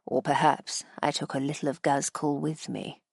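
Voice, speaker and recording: A woman's voice: deep voice, fairly even intonation, moderate pace, vocal fry, a little mellow, slightly rough, no room sound, studio quality, full character voice. A woman voicing a hardened female interrogator who coaxes with acid sweetness. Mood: coaxing.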